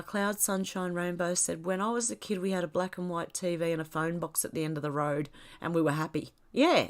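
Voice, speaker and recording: A woman's voice: on the low side, fairly bright tone. Chatty Australian woman with a stuffy nose. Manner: chatty, rambling, laughs often. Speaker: livestream host reading viewer comments. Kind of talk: casual livestream chat.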